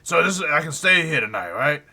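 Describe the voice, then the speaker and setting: Guy game master, bright tense voice, kinda husky, playful, does voices. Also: on the high side, very animated, fairly quick. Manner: playful, slips into character voices. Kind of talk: narrating a tabletop game.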